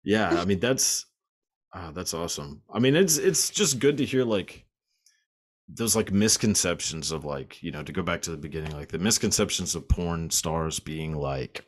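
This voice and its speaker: A man's voice: low voice, lively intonation, normal speed. A man hosting a podcast in casual chat, laughing often, swearing and rambling with many fillers. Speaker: podcast host.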